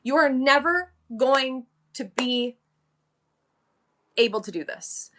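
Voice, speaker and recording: A fairly high, bright, forceful woman's voice chats straight to her viewers during a live-selling stream. She is animated and conversational, moving between advice and quick greetings to her audience. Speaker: live-stream seller and show host.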